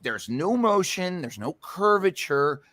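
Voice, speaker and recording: A man's voice: sits high, big pitch swings, measured pace, fairly bright tone, no echo. A man ranting in casual podcast chat, profane and heated, often repeating and restarting his words. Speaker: podcast co-host.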